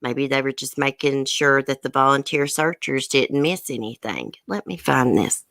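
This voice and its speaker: A woman's voice: rumbling low, moderate pace, dry recording. A woman hosting a casual live stream, chatting with viewers by name and getting emotional as she talks. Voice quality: emotional, soft-hearted. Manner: chatty, greets viewers by name, says y'all.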